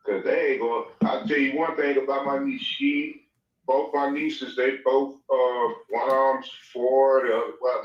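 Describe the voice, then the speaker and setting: A man on a remote call in a casual podcast chat, rambling in stop-start sentences and laughing at his own stories. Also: mid-range voice. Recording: roomy, distant, dull remote audio.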